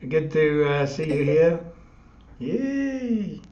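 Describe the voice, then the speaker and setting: An upbeat man hosts a live online chat and laughs easily as he talks. His voice sits at an ordinary middle pitch. The room rings around him, and the sound is slightly dull and muffled. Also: steady tone, a little slow, a little mellow, roomy sound. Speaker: host.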